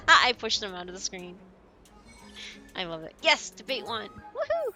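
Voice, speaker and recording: A woman's voice: a little high, huge pitch swings, measured pace, bright, forceful tone, faint music behind. A woman streamer chatting and reading game dialogue aloud, giggling often, into a desk mic.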